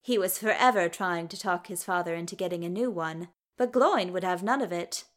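A woman narrating a story aloud in a calm, measured storytelling manner. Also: lowish voice. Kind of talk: audiobook narration of fan fiction.

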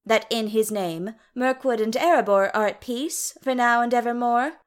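A woman voicing a wry dwarf queen regent who speaks in a sweetly teasing, lively way. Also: a little high, moderate pace, clean tone, close to an everyday voice.

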